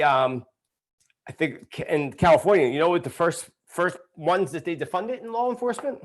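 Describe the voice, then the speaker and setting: A middle-aged man hosting a live stream, talking in an indignant, sarcastic rant and reading viewer comments. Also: a little high. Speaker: psychic host of live stream.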